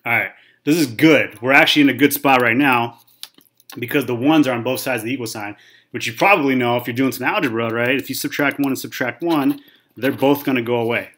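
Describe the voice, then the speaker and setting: A math teacher in his thirties talks casually through a whiteboard lesson, chatty and constantly checking in with "okay" and "right." His medium-pitched voice is brisk and a bit bright.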